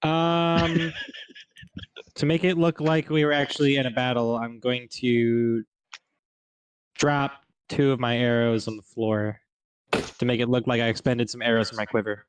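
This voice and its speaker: Smooth-voiced man player, laid-back. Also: medium pitch, flat delivery, unhurried, pauses often, low-quality recording. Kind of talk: casual chat.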